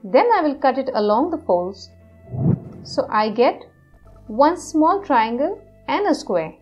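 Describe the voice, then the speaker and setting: A woman's voice: sits high, big pitch swings, takes it slowly, darkish tone, lo-fi sound, faint music behind, exaggerated voice. A woman voicing a clever, patient tortoise who explains step by step how to cut and arrange shapes. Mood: instructing. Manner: step-by-step instructional.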